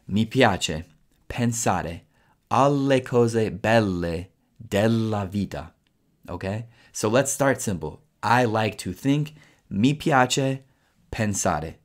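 A man teaching a language lesson, explaining grammar step by step and patiently repeating each phrase slowly. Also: fairly low pitch.

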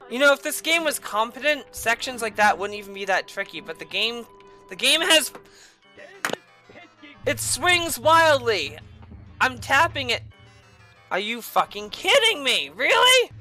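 A woman streaming a video game, raging and cursing loudly at it in heated gameplay commentary. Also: sits high, big pitch swings, measured pace, faint music behind. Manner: furious profane yelling at the game. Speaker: gaming streamer.

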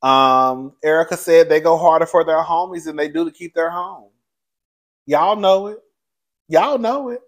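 A man hosting a casual recap vlog, talking in a sassy, animated way with frequent laughs and calling his listeners "girl" and "child". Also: on the high side, unhurried. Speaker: show reviewer and host. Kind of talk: casual reality TV recap commentary.

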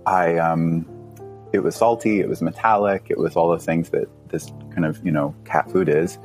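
On a podcast, a male guest spins an animated, casual story, frequently laughing and raising his pitch sharply to imitate his younger self.

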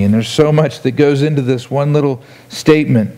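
A man's voice: mid-range voice, moderate pace, mellow. A man preaching a sermon as a church pastor, earnest and often repeating words as he restarts his sentences. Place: church sanctuary.

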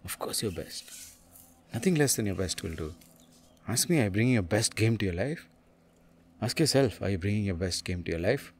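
A man, a spiritual teacher, talks casually and bluntly in an animated way, laughing often and calling the listener man and dude. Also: lowish voice, brisk, pauses often, a little hiss or hum.

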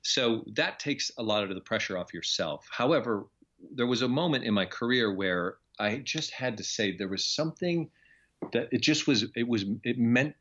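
A man's voice: mid-range voice, expressive, moderate pace, fairly bright tone, highs cut off. A middle-aged man from Iowa, a guest sharing his story in an earnest, reflective way in a casual interview. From Iowa, USA. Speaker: guest, television journalist.

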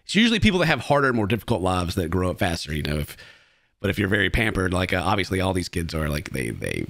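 A man's voice: low voice, huge pitch swings, fast, creaky, a bit bright, no echo. Guy ranting and joking on a reaction vid, voice jumps all over, super dry close sound. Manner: rambling, laughing, sarcastic asides. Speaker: host. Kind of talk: casual reaction commentary.

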